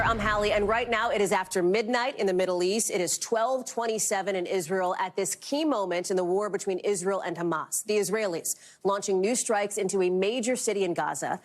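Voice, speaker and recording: A woman in her thirties anchors a live newscast at a middle pitch. She drives through breaking headlines briskly, stressing key words. Faint music sits under her voice. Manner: brisk, emphatic headline delivery. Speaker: news anchor. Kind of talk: live cable news anchoring.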